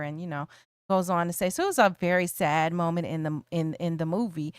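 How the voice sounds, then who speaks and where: Woman, podcast co-host, animated retelling, smooth clear voice, dry close sound. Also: fairly low pitch, a little fast, no echo. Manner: animated storytelling, acts out characters' lines. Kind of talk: casual film discussion.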